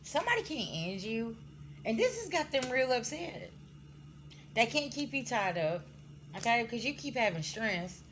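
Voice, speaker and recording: A woman's voice: fairly high pitch, sing-song, normal speed, a bit bright, a little hiss or hum. A woman giving a casual spiritual reading to her viewers, blunt and scolding, swearing freely and checking in with "okay?" as she goes. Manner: addresses viewers directly, frequent "okay?" checks. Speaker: spiritual card reader.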